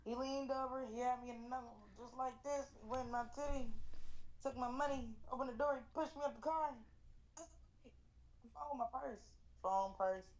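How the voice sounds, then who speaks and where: A woman's voice: high-pitched, normal speed. Blunt, profane young woman telling a story. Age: 20s. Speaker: interview guest, dancer. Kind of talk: casual storytelling in an interview.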